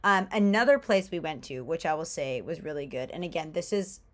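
A young woman co-hosting a podcast, chatting casually with animated, enthusiastic storytelling. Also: low-pitched, fairly quick. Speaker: podcast co-host. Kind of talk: casual chat.

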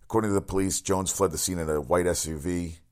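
Talking fast in a low, clean-toned voice, this middle-aged man hosts a casual sports talk show. His storytelling is lively and profane, drifting from tale to tale as he reacts to current news.

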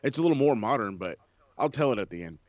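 A man's voice: medium pitch, lively intonation, fast talker, dry recording. A man co-hosting a casual wrestling podcast, blunt and swearing freely. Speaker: podcast co-host. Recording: dry, dull lo-fi sound.

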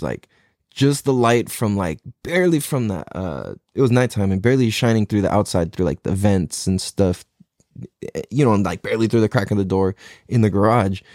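A man's voice: lowish voice, animated, a little fast, a little mellow, no room sound, studio quality. A man in his thirties telling a long, rambling, profane story in a laid-back way, laughing often. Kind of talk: casual storytelling monologue.

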